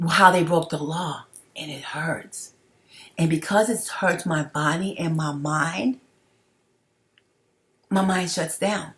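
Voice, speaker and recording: A woman's voice: low-pitched, a bit bright. A middle-aged woman talking straight to her viewers in a personal vlog, emphatic and repetitive, often checking in with "okay?". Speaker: vlogger.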